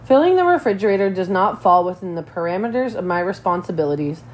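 A woman's voice: medium pitch, lively intonation, quick pace, close to an everyday voice. A woman reading a children's novel aloud, voicing a formal, precise boy genius in stiff, exact phrasing.

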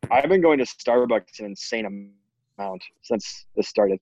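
A teenage student chatting casually with friends on a call, rambling with many restarts. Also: male voice, fairly low pitch, lively intonation, a little slow, a little mellow, no echo, highs cut off.

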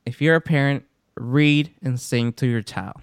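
A man hosting a podcast, chatting casually and telling stories in an animated way. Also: mid-range voice, unhurried, clear, resonant tone, no room sound, studio quality. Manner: animated storytelling, lively intonation. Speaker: podcast host. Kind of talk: casual chat.

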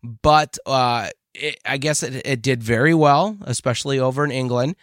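A man co-hosting a podcast, giving a chatty, animated recommendation. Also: medium pitch, moderate pace, dry recording, studio quality. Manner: lively, chatty storytelling. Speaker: podcast co-host. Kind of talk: casual chat.

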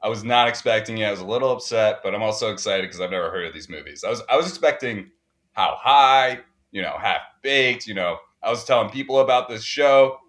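A man's voice: on the low side, fairly quick, fairly bright tone. A young man co-hosting a podcast, laid-back and agreeable in short replies. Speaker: podcast co-host. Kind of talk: casual chat.

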